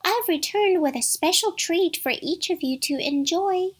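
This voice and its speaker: A woman voicing a sly male wolf in a storybook who coaxes slowly and sweetly to pass as a mother goat. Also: very high voice, voice pushed up. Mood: sugary.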